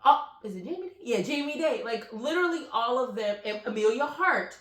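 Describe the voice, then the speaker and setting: Chatty woman with a bright voice. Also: fairly high pitch, brisk. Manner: rambling, animated storytelling with frequent fillers. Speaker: book vlogger. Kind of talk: casual chatty book haul vlog. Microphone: phone. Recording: roomy echoey room.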